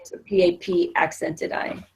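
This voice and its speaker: A woman's voice: fairly low pitch, flat delivery, unhurried, a little hiss or hum. A middle-aged woman teaching a Spanish class, explaining patiently with many fillers and restarts.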